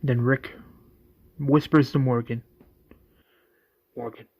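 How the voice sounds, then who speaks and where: A man's voice: medium pitch, fairly even intonation, unhurried, lo-fi sound. A man casually retelling a story scene by scene, rambling with fillers and self-corrections. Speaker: narrator.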